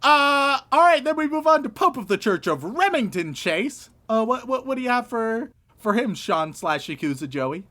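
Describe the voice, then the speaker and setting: A man's voice: extremely high pitch, big pitch swings, normal speed, few pauses, pushed and bright. A man co-hosting a casual comedy podcast, wry and profane as he hands out jokey tasks. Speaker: podcast co-host.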